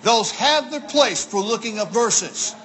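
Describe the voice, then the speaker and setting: A man preaching a sermon as pastor, emphatic, repeating key lines and slowing down to stress words. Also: high-pitched, animated, fairly bright tone, low-quality recording. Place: church.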